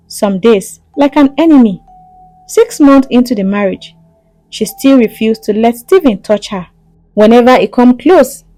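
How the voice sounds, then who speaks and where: A woman's voice: a little high, dark tone, no echo, rough recording. A woman narrating a scripted story in a dramatic way, with asides to the listener.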